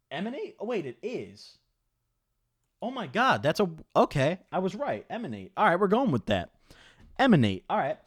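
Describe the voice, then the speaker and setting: A young man telling a story to his viewers in a rambling, profane, animated way with many fillers. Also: on the high side, no echo, studio quality. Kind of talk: casual storytelling to camera.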